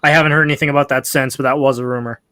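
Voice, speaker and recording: A man joining a casual political discussion as a panelist, talking quickly and flatly. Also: mid-range voice, dry recording, studio quality.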